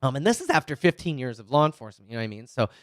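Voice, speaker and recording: A man's voice: mid-range voice, big pitch swings, racing, no room sound, clean studio sound. A man in his forties, a retired police officer, speaking candidly to an audience about his anxiety, often checking in with "right?" and "you know". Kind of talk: personal talk to an audience.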